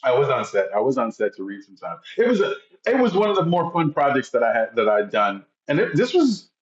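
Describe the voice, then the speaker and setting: Man, actor guest, halting, repeats words, echoey room, muffled sound. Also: mid-range voice, wildly swooping pitch. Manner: halting, repeats words while searching for them. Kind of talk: casual interview chat.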